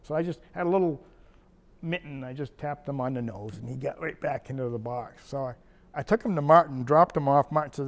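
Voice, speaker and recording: A man's voice: mid-range voice, fairly quick, big-room sound. Older man telling field stories. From Maine. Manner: rambling anecdotal telling with restarts and quoted dialogue. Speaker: wildlife biologist. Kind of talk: oral history storytelling.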